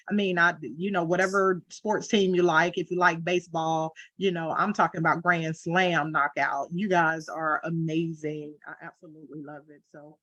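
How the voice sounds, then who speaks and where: A woman's voice: on the low side, a bit bright, dry recording. A woman hosting a video call, effusive and emotional, talking in a casual, informal way. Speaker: host.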